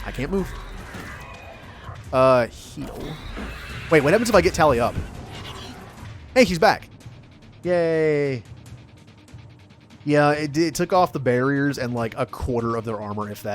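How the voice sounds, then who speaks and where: Male streamer, mid-pitched, casual, excitable play-by-play over faint game music. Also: normal speed, pauses often. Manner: chatty and excitable, yelps and laughs at the game. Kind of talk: casual gameplay commentary.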